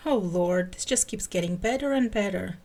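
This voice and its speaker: A woman's voice: mid-range voice, moderate pace, lightly acted. Woman voicing a weary, mumbling male agent. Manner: mumbling, deadpan disbelief.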